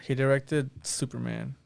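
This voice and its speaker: A man's voice: mid-range voice, gravelly, darkish tone. A man co-hosting a casual movie podcast, laid-back, tossing in short questions. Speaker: podcast co-host. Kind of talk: casual chat.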